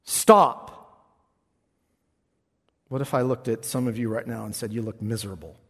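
A man preaching a sermon as pastor, moving from quiet, reflective talk to loud, shouted passages. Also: on the low side, fairly even intonation, fast, vocal fry, slightly rough. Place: church. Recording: long reverb in a church hall.

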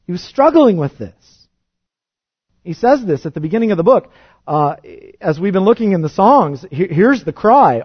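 Earnest high-voiced male preacher, dull recording. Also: big pitch swings, normal speed, breathy edge. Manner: earnest, rises to emphatic peaks then drops soft and low. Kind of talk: sermon.

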